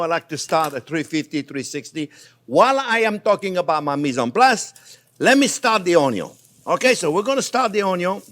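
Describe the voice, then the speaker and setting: French-accented man, cooking show host, animated, high voice, wide-ranging pitch. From Provence, France. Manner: animated and chatty, talks to viewers as friends. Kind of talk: casual cooking demonstration. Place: home kitchen in Florida.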